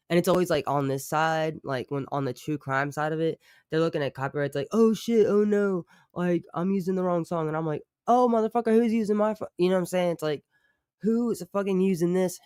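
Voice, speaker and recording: A man who makes true crime streams and music, chatting live with his viewers in a loose, rambling way, full of swearing and quick reactions to the chat. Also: medium pitch, smooth, dry recording, studio quality. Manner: profane, rambling, animated asides to chat.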